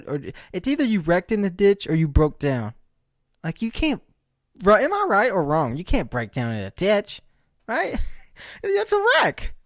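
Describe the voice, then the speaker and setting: A man's voice: a little high, dry recording, clean studio sound. A man hosting his own podcast, telling stories in a rambling, joking way, laughing often and asking rhetorical questions. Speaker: podcast host. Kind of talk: casual solo storytelling.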